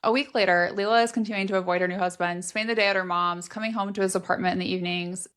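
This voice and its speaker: A woman's voice: mid-range voice, steady tone, racing, a bit bright, clean tone. A woman co-hosting a book podcast, quippy and full of playful questions. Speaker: podcast co-host. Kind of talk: casual book discussion.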